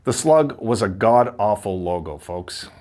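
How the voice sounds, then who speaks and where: Animated man ranting about hockey logos. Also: measured pace. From Buffalo area, Sabres fan. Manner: animated and ranting, mocks others in a high voice. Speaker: hockey video host. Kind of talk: casual opinion monologue.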